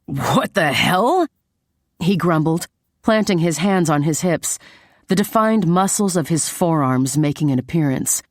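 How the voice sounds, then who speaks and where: A woman's voice: low voice, dry recording, clean studio sound. A woman narrating a romance audiobook in the first person, with emotional intensity.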